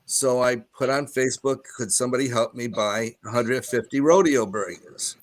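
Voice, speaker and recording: A man's voice: mid-range voice, normal speed, no echo. An older man with a Rhode Island accent, chatting earnestly as a guest on a talk show. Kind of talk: casual chat.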